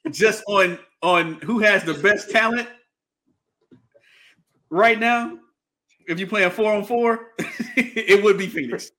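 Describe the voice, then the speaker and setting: A man's voice: high voice, slow, pauses often, bright, forceful tone. A man hosting a casual sports podcast, talking with many fillers and restarts and laughing often. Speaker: podcast host.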